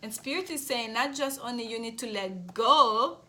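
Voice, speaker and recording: A woman's voice: a little high, lively intonation, moderate pace, pushed and bright. Woman giving an earnest tarot reading. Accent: non-native accent. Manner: repetitive, reassuring, frequent restarts and check-in questions. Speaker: tarot reader. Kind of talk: intuitive tarot reading to camera.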